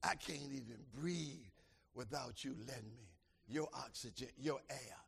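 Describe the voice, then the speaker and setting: An older man preaching a sermon as pastor, swinging from shouted climaxes to quiet, conversational asides. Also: medium pitch, measured pace, gravelly, husky.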